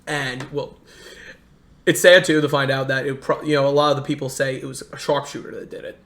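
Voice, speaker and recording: A young man in casual chat, telling a long story in an animated way and acting out what others said. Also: medium pitch. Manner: animated, fast storyteller who acts out quotes. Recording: roomy echo.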